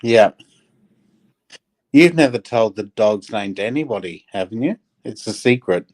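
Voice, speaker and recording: A man's voice: lowish voice, animated, unhurried, darkish tone. A man joining a livestream by call, mostly giving short, agreeable replies and questions. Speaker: guest on a call. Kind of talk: casual call-in chat.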